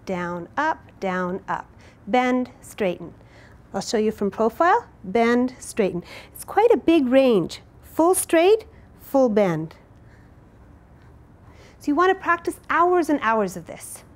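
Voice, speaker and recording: A woman's voice: fairly high pitch, big pitch swings, slow pace. A woman teaching a dance lesson, explaining and counting out each move as she demonstrates it. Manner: clear, counting out moves while demonstrating. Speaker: dance instructor.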